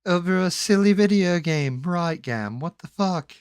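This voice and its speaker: A man putting on a high, exasperated gaming buddy who scolds his friend. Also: animated, unhurried, smooth, dry recording, clean studio sound. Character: excitable British male gaming buddy, scolding.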